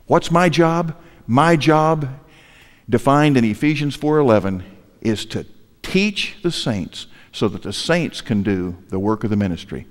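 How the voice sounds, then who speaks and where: A man's voice: medium pitch, sing-song, normal speed, in a large hall. An older male pastor preaching a sermon, telling a story with humor and asking the congregation questions. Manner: storytelling with self-deprecating humor and rhetorical questions. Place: large church hall.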